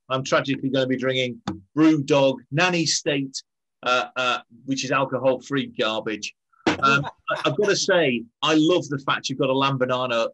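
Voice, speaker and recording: A man's voice: mid-range voice, background noise. A man on a video call chatting and telling a wry anecdote. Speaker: regular panelist. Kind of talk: casual anecdotal chat over a video call.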